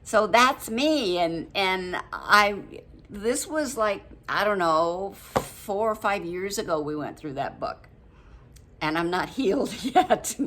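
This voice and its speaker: In her late seventies, this vlogger chats to her audience about a book, taking it slowly in an animated, medium-pitched, fairly bright voice. There are many ums, frequent laughs, and some light rambling.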